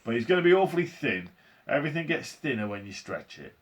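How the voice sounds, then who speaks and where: A man voicing an eccentric, cheerful chocolate maker who talks in a brisk, playful, breezy way, reading a story aloud. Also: mid-range voice, big pitch swings, pitched above the performer's own voice, close to an everyday voice.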